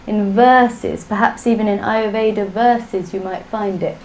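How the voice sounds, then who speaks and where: Slow, patient woman teaching a language. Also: mid-range voice, steady tone, darkish tone, slight background noise, rough recording. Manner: slow, patient drilling of sounds with call-and-repeat. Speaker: Sanskrit teacher. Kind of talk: live online language class.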